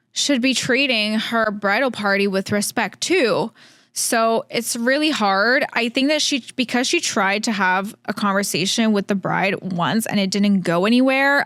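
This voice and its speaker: A woman's voice: a little high, a bit bright, no room sound, clean studio sound. A woman hosting a casual podcast on her own, thinking aloud with hesitant restarts and a chatty manner. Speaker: podcast host. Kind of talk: casual solo podcast chat.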